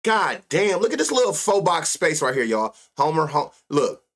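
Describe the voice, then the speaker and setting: A man's voice: on the high side, sing-song, moderate pace, fairly bright tone. A man hosting a live sports betting stream, reading stats and riffing loosely with plenty of profanity. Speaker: sports betting show host.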